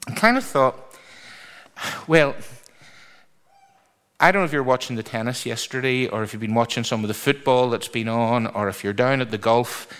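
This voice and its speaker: A man preaching a sermon, reading scripture aloud and speaking in a lively, emphatic way. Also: medium pitch, moderate pace, smooth.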